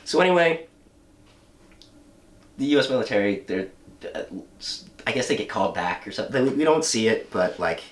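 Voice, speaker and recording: A man hosting a casual podcast, retelling a comic story in an animated, profane way with lots of fillers. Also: medium pitch, a little fast, pauses often. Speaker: podcast host. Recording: roomy room, mic at a distance.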